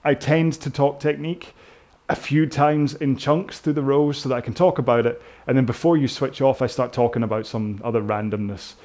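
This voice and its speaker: Rambling British rowing coach, mid-pitched. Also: male voice, fairly even intonation, moderate pace, a little mellow. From Britain. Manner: rambling and self-deprecating. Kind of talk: casual follow-along workout chat.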